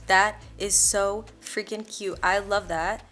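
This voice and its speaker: A young woman hosts a casual clothing haul vlog, gushing over each item with excitable, slangy chatter. Her voice sits at an ordinary middle pitch for a woman. Faint music plays behind her. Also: slow pace. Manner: gushing, excitable, slangy, keeps saying "bro". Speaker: fitness YouTuber.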